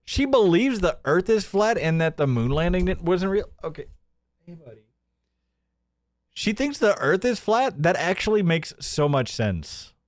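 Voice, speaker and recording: A man hosting a news commentary stream, energetic and joking, often laughing at what he covers. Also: high voice, moderate pace, few pauses, dry recording. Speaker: host.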